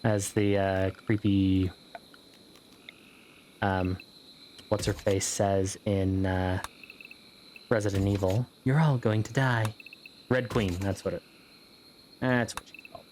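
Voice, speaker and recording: A man's voice: deep voice, level tone, slow, pauses often, darkish tone, a little hiss or hum. Rambling, joking man narrating his gameplay. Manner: rambling, joking, swears casually. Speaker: gameplay video host. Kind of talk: casual gameplay commentary.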